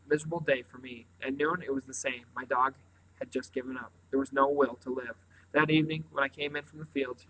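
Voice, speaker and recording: A man reads a novel aloud, quiet and earnest, with a slip here and there. His voice is bright and clear-toned, at an average pitch. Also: slight background noise, poor audio. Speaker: reader.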